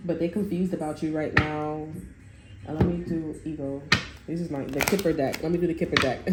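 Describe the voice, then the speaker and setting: A woman's voice: sits low, steady tone, moderate pace. A woman giving a casual tarot reading, talking bluntly and swearing, acting out what others say in a raised voice. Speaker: tarot reader. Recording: roomy sound with faint music.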